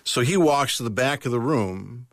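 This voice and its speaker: A man's voice: medium pitch, animated, moderate pace, no echo. An American man, an author, telling a tense travel story in a radio studio and acting out the people in it. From United States. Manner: vivid storyteller, quotes others in character. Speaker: author and guest.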